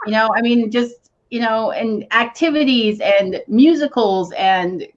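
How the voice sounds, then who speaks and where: A woman's voice: on the high side, unhurried, muffled recording. A woman co-hosting a casual video chat, tearing up as she pays tribute to her mother. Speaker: co-host.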